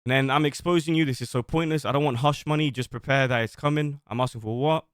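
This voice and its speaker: A man's voice: mid-range voice, quick pace, clear, resonant tone, no echo, clean studio sound. A man on a livestream reading out old messages and defending himself, rambling at length. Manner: defensive, rambling, reads screenshots aloud. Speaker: streamer.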